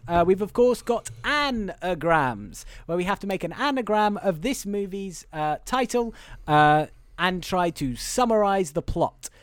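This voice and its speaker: A man with a high, clear, resonant voice co-hosts a podcast over a video call from his room at home. He recaps a movie in a rambling, casual way, packing in fillers and acting out quotes.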